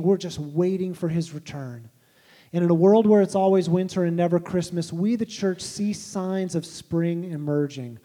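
A man's voice: high-pitched, mellow. A man giving a sermon as pastor, in a casual, conversational and self-deprecating way.

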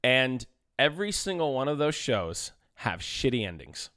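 A young man in his twenties co-hosting a podcast in casual chat. His pitch sits mid-range, and he talks with blunt, profane emphasis. He rants more than he reasons. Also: sing-song, normal speed, sharp tone. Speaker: podcast co-host.

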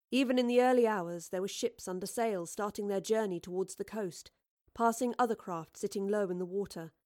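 A woman narrating a novel as an audiobook, reading in a steady, measured way. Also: medium pitch, no echo, studio quality. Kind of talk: scripted narration.

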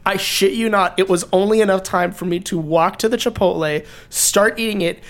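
A young man guest on a casual podcast, telling animated stories full of swearing and laughter. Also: high-pitched, moderate pace.

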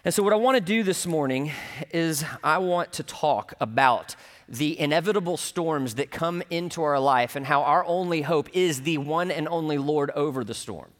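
A man preaching a sermon in a church, telling a personal story in a relaxed, conversational way with dry humor. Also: a little high, normal speed. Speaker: pastor. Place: church sanctuary. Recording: long hall reverb.

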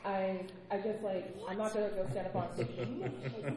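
A woman's voice: mid-range voice, brisk, very echoey, over a noisy crowd. A woman on a discussion panel, telling stories animatedly, laughing often and acting out the voices she quotes.

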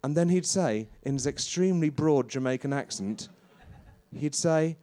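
A man playing a crude, bewildered veteran stand-up comedian in a rambling deadpan confessional monologue. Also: a little high, moderate pace, very noisy, voice pushed up, close to an everyday voice.

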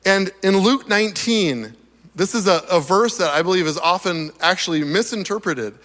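A man with a high, slightly hoarse voice preaches an animated sermon at a moderate pace, chuckling between points. The long reverb of a large hall rings around his words.

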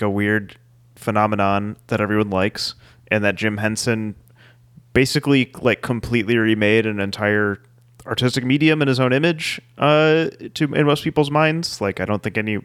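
A man co-hosting a casual podcast chat, dropping wry deadpan asides. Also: lowish voice, smooth, no room sound, studio quality. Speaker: podcast co-host.

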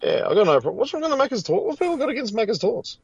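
A man's voice: extremely high pitch, very animated, very fast, gravelly, husky, dry recording, dull audio. A man with an Australian accent co-hosting a podcast, telling crude stories in casual banter. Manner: crude, jokey storyteller. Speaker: podcast co-host.

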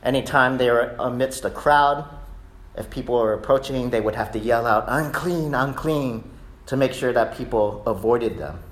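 Conversational male preacher, roomy echo. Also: normal speed. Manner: conversational, keeps asking "right?"; rises loud and high acting out cries of prayer. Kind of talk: sermon. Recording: echoey room.

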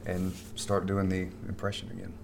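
A man's voice: low-pitched, monotone, moderate pace, vocal fry, slight background noise. Male comedian guest, casual and rambling, repeats words as he talks. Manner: stammering restarts, rambling. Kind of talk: casual podcast chat.

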